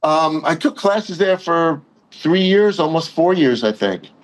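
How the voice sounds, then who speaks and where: A man's voice: on the high side, slow pace, low-quality recording. A man, a guest on a call-in talk show, talking in a hesitant, agreeable way with many fillers. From Long Island, New York. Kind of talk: casual chat. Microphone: phone call.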